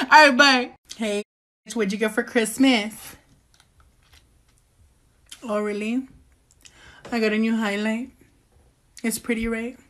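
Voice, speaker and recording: A man acts out a brash young woman from California who swears and giggles through a comedy sketch. The voice sits high and bright. She drawls slowly, mixed in. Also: exaggerated voice. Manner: loud, crude and giggly, drawling slang.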